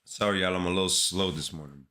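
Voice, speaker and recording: A man's voice: sits low, fast, bright, forceful tone. A man with a congested, sick-sounding voice chatting casually to his livestream viewers in laid-back slang. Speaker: live-streaming developer.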